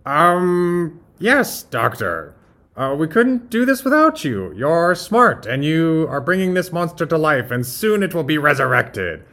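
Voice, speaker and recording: A timid lab assistant, put on by a podcast host, stammering and hesitant, trying to please a grandiose master. The voice sits a little higher and sounds nervous. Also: male voice, very animated, unhurried, bright, forceful tone, full character voice.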